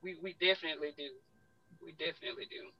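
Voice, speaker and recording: A woman's voice: low voice, steady tone, fast talker, highs cut off, a little hiss or hum. A talkative woman with a Southern US accent, a guest sharing personal stories in a heartfelt way. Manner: talkative, heartfelt, self-described talker. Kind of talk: emotional personal storytelling.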